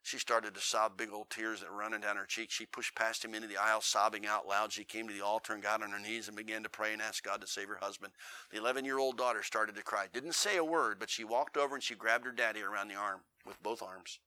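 A man's voice: fairly low pitch, little pitch movement, fast talker, sharp tone. A male preacher telling stories in a sermon, with a folksy, earnest and dramatic way of talking. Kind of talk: storytelling sermon.

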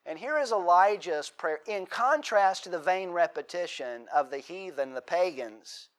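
A man's voice: sits high, lively intonation, normal speed, fairly bright tone. A middle-aged man preaching a sermon, reading scripture aloud with emphatic delivery and frequent word repetitions. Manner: emphatic preaching, repeats words, dramatic acted quotes. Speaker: pastor.

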